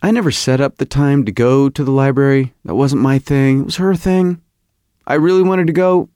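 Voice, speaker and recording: A middle-aged man hosting a podcast, telling a comic story in a rambling, animated, self-mocking way. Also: medium pitch, normal speed, clear, resonant tone, no room sound, studio quality. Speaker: podcast host. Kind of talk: comedic podcast monologue.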